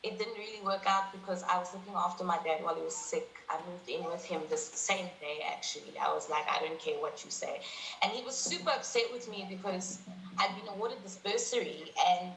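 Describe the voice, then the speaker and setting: Animated woman, bright voice. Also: fairly low pitch, fairly quick, gravelly, a little hiss or hum. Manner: animated, acts out dialogue, laughs often. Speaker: guest. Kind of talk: personal storytelling interview. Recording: echoey room.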